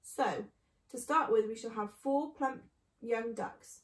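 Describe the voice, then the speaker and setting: A woman's voice: fairly high pitch, slow. A woman voicing a sly, boastful father fox who grins and gives orders, in a storybook reading. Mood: fussy. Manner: grinning, showy and commanding. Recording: echoey room.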